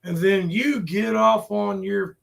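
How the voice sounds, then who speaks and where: Man, gaming channel host, high and gravelly voice, slow profane rants. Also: steady tone, fairly bright tone. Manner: profane, exasperated ranting. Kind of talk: ranting gameplay commentary.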